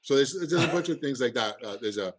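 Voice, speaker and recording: A man with a Cuban accent, a festival producer, talking in a halting podcast interview with many restarts and fillers. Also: medium pitch, animated, gravelly.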